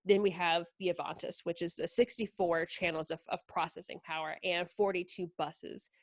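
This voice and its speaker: A woman's voice: on the low side, steady tone, moderate pace, no echo, clean studio sound. A woman talking casually as a product specialist, explaining mixing consoles with lots of fillers. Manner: chatty, lots of fillers and likes. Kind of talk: casual technical demo talk.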